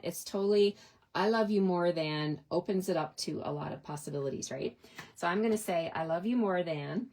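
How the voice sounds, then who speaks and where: At her desk, a middle-aged card-making demonstrator chats her way through each stamping step in a relaxed tutorial, frequently tossing in "right?". She has a lowish voice with a darkish tone.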